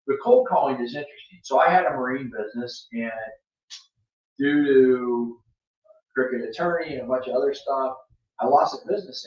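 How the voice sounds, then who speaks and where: A Florida man hosting a podcast tells his story bluntly and emphatically, restarting often in casual chat. His medium-pitched voice is off-mic in an echoey room, and the sound is dull.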